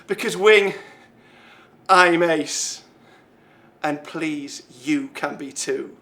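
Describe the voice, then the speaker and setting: A man's voice: on the high side, very slow, pushed and bright. A man giving a boastful wrestling promo in a smug, mocking manner.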